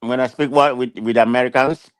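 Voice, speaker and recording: Man, thick Nigerian accent, emphatic, defensive, restarts sentences, middle pitch, dry sound. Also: steady tone, fairly quick, smooth, no room sound. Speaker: guest. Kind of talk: casual call-in chat.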